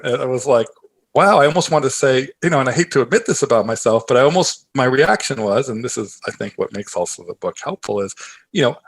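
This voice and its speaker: A man being interviewed as a guest, telling a story in a rambling, animated way with many filler phrases. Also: medium pitch, slightly rough. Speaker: guest, author and investor.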